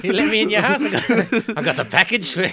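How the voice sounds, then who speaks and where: A man voicing a loud, jokey male killer at the door, shouting through laughter. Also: high-pitched, very animated, a little fast, pitched above the performer's own voice, full character voice. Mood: gleeful.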